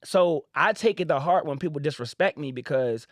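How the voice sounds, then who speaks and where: A man's voice: on the high side, expressive, normal speed, dry recording, studio quality. A man, a boutique owner, telling stories casually on a podcast and acting out the voices of other people. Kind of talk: casual storytelling.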